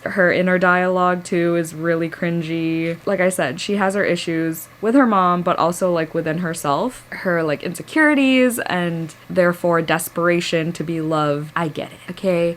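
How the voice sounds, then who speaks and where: A woman's voice: fairly low pitch, slight background noise. A woman talking casually at home about a book she is reading, candid, laughing often and swearing freely. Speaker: book vlogger. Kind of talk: casual book review vlog. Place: at home at night.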